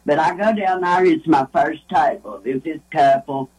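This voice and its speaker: A woman's voice: low voice, moderate pace, darkish tone, husky, poor audio. An older woman, a guest telling rambling, folksy stories in casual talk. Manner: rambling, folksy, lots of restarts. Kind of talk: casual storytelling.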